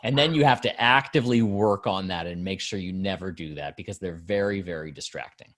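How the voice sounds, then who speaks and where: A man's voice: sits low, a little fast. A man who coaches public speaking, giving casual advice as a guest and acting out shifts in volume and pace as he explains. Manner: animated, demonstrates changes in volume and pace.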